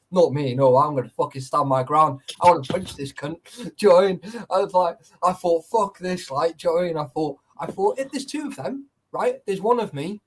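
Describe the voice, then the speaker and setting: A man telling a story in casual chat, animated and full of swearing. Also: on the high side, husky. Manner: animated, heavy swearing, acts out quotes. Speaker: urban explorer telling a story.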